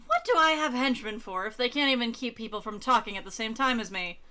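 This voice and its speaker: Brief: woman as over-the-top villain, bright, hammy, declamatory. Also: on the high side, animated, fast. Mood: imperious. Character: hammy male supervillain, grandiose and theatrical.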